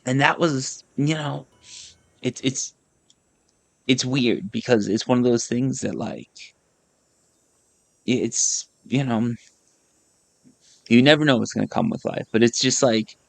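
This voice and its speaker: A man's voice: mid-range voice, slow pace, gravelly, long pauses, no room sound. A man in his thirties hosting a gaming channel, chatting casually over gameplay in a rambling, self-deprecating way and often repeating his words. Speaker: gaming YouTuber host.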